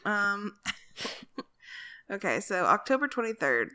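Bright, lively woman with a lowish voice. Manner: expressive, playful, quick to laugh. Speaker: podcast co-host. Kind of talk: casual chat, reading an old newspaper story aloud.

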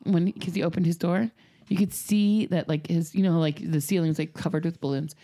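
A woman in her thirties with a slightly low voice, telling a story in casual podcast chat. She talks in an animated, dramatic way and stacks up fillers and restarts as she goes. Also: a little fast.

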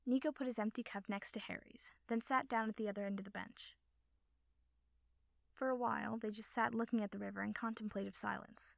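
A woman narrating a story calmly and evenly, recorded on a close mic. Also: medium pitch, fairly quick, gravelly, dry recording. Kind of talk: audiobook fan fiction reading.

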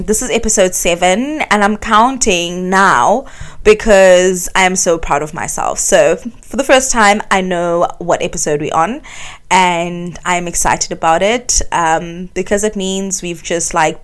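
A young woman from South Africa, hosting her own podcast from her bed in a candid, confessional chat. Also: fairly low pitch. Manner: candid and confessional, many fillers like um and like. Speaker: podcast host. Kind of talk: casual solo podcast chat. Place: her bedroom, recording from bed.

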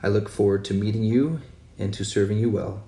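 A man, a marriage therapist, giving a measured, earnest podcast introduction. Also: fairly low pitch, gravelly, warm tone. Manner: measured, earnest, spells things out slowly. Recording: roomy distant mic with faint background noise.

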